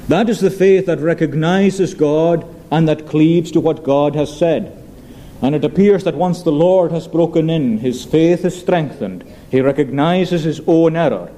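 A man preaching a sermon in an earnest, measured way, addressing the congregation as his friends. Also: fairly high pitch, mellow, low-quality recording. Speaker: pastor.

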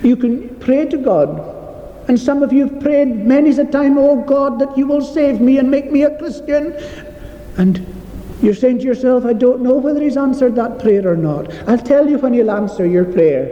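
A man's voice: extremely high pitch, normal speed. A man preaching a sermon in a church, earnest and repetitive, stretching out key phrases for emphasis. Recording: echoey hall, dull lo-fi sound.

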